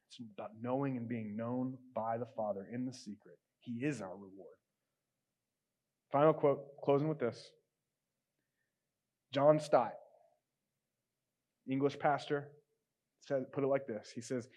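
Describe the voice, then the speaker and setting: A man pastor preaching a sermon, conversational and emphatic, often dropping to soft, quiet tones. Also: medium pitch, a little slow, long pauses, highs cut off.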